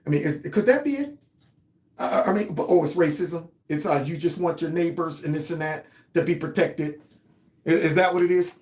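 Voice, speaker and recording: A man's voice: fairly high pitch, normal speed, darkish tone. A man hosting his own commentary show, talking in a heated, mocking, sarcastic way. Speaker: host. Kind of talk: political commentary. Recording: roomy echo.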